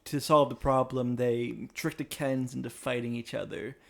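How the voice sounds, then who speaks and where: Gravelly man making a reasoned case. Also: mid-range voice, flat delivery, moderate pace. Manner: analytical, argues points at length with many "like" fillers. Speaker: podcast co-host. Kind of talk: casual chat.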